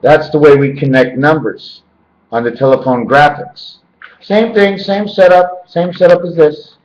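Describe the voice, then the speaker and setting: A man's voice: fairly high pitch, unhurried, a little mellow. A man rambling to his handheld camera indoors at home, jumping between loose word and number associations. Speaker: vlogger. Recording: echoey, dull lo-fi camera audio.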